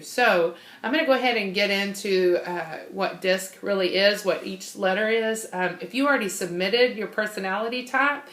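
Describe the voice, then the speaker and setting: A woman's voice: medium pitch, normal speed, hardly any pauses, a bit bright, reverberant. A woman giving an informal, bubbly personality-type training talk, laughing often and unable to sit still.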